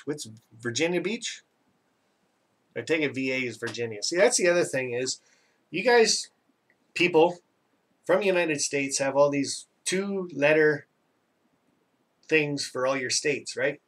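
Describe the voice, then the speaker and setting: A Canadian man hosts a relaxed live chat, rambling along and poking fun at himself as he reads out viewers' comments. His voice sits at an ordinary middle pitch and is picked up from a little way back from the microphone. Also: recorded from a distance. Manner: chatty and rambling, self-teasing, laughs often. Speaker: live stream host.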